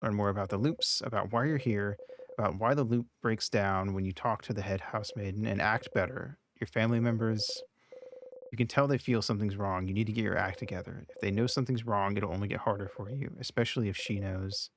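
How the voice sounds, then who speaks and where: Low-voiced man reading game text. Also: fairly even intonation, a little fast, a little hiss or hum. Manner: reads game text aloud between short casual remarks. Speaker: streamer. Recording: game music behind.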